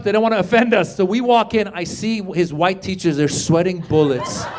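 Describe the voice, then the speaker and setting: A man doing a stand-up comedy set, loudly working the crowd on a club stage. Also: high voice. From Iran. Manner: loud animated crowd work. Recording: live club with crowd noise. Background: audience laughter.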